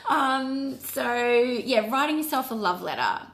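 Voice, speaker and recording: A woman's voice: mid-range voice, lively intonation, normal speed, few pauses, fairly bright tone. A woman in her forties, a wellness coach, giving an earnest and encouraging casual live-stream talk. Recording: roomy echo.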